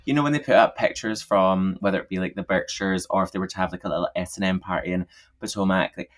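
A man's voice: deep voice, fairly even intonation, quick pace. A man chatting casually as a podcast guest, laughing often and swearing freely. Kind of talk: casual chat.

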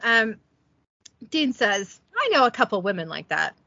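A woman recaps a podcast episode, casually reading the script and joking about it in a giggly, self-deprecating manner, with minimal voicing of quotes. Her delivery is very animated but measured, in a mid-range voice with vocal fry and a sharp tone. The sound is muffled, with no echo.

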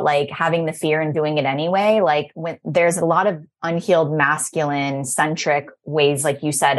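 Reflective woman host, lowish voice. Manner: reflective, mimics others in playful voices. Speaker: podcast host. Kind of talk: casual podcast conversation.

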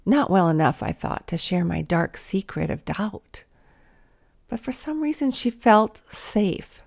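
A woman's voice: lowish voice, creaky. A woman giving a devotional talk in an earnest, intimate manner, sometimes dropping to a whisper. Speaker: Christian speaker.

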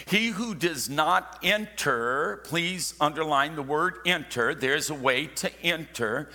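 Male pastor, bright forceful tone, unhurried emphatic sermon delivery. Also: a little high. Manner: slow, emphatic preaching with call-and-response.

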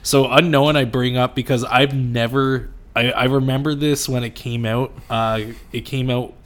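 Male podcast host, mid-range voice, relaxed, laughs easily between points. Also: mid-range voice, moderate pace. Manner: laughs often, hesitant fillers. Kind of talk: casual movie chat.

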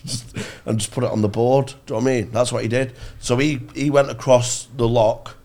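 Sweary, gravelly man rambling comically. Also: medium pitch, fairly quick. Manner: sweary, animated, acts out voices. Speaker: podcast co-host.

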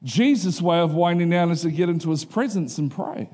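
A middle-aged male pastor preaching a sermon in a casual, conversational way, often asking the congregation if they are following him. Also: fairly quick. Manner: acts out quotes in a higher animated voice.

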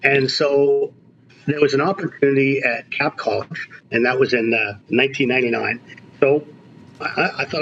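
A man in his sixties, a veteran basketball coach, telling stories in an animated, emphatic way during a casual interview. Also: medium pitch, moderate pace, dull audio, a little hiss or hum. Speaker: basketball coach, podcast guest.

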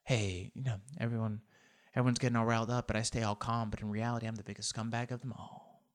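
A man impersonating a sleazy scumbag in a comedy bit. His voice drops to a hushed, breathy drawl that sounds falsely calm. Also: mid-range voice, quick pace, natural voice.

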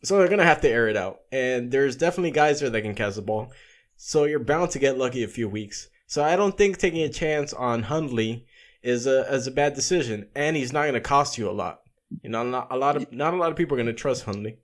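A young man co-hosting a podcast, chatting in a relaxed way and laughing easily. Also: mid-range voice, brisk. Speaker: podcast co-host. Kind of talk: casual sports chat.

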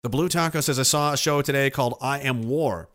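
A man's voice: mid-range voice, fairly quick, a bit bright. A man streaming and reading viewer messages, talking in a rambling, profane, self-interrupting way. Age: older.

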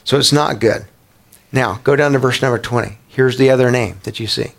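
A man's voice: medium pitch, fairly quick, gravelly. A man preaching a sermon as a pastor, talking conversationally, often asking his congregation questions and restarting his words.

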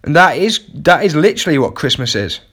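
A man's voice: fairly high pitch, very animated, fairly quick, fairly bright tone. A man, a comedian hosting his own podcast, telling a rambling, self-mocking story with wry asides. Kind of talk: casual comic monologue.

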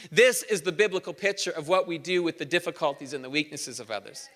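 A man's voice: high voice, quick pace, hardly any pauses. A man preaching a sermon as pastor, earnest, building to emphatic repeated phrases in a large church hall. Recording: live church hall reverb with soft instrumental music.

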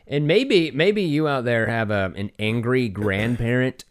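A man co-hosts a relaxed podcast, trading jokes with his partner. His voice sits in a middle pitch and stays casual and playful. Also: measured pace, clean tone. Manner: joking, animated retelling. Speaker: podcast co-host.

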